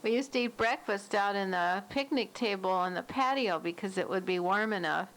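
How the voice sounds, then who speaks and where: A woman's voice: mid-range voice, moderate pace, a bit bright, a little hiss or hum, rough recording. An older woman casually narrating old family home movies, recalling details in a chatty way. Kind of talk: casual reminiscing.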